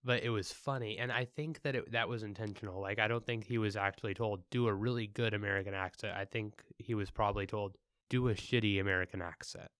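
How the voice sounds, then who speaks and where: A young man with a somewhat low, smooth voice chats on a podcast. He is laid-back and joking, sometimes crude. The recording is dry and close-miked. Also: steady tone, fast, hardly any pauses, fairly bright tone, dry recording. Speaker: podcast co-host. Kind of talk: casual chat.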